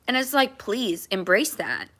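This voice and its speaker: A woman's voice: medium pitch, big pitch swings, a little slow, a bit bright. A woman chatting on a livestream in a rambling, emotional way, with casual swearing.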